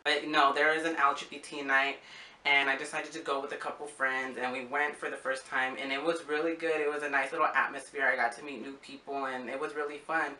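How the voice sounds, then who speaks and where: Young man from Arizona, bright tense voice, rambling casual vlog storytelling, roomy echo. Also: mid-range voice, flat delivery, brisk, far from the mic. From Arizona, USA. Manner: rambling, with frequent fillers and acted-out quotes. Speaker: vlogger. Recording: echoey room.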